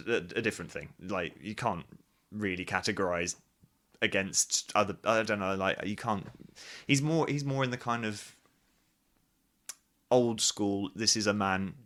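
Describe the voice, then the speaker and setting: A man talking in a fairly low voice with a bright, forceful edge. He chats freely as an interview guest, thinking aloud and often restarting his sentences. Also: a little slow. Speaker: guest, pantomime actor. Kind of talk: casual interview chat.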